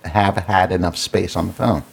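Lower-voiced guy explaining phone specs, easygoing chat. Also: steady tone, moderate pace, vocal fry, husky. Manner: explains, reads out details. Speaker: podcast co-host. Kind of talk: casual tech chat.

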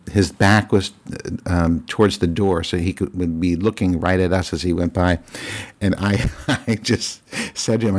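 Low-voiced man rambling casually. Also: creaky, a little mellow. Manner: rambling, with many fillers and restarts, laughing at own stories. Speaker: vlogger. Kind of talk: casual storytelling monologue.

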